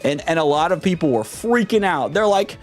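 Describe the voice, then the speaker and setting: A man's voice: a little high, expressive, brisk, faint music behind. A man streamer in casual live-stream chat, rambling and often repeating and restarting his words.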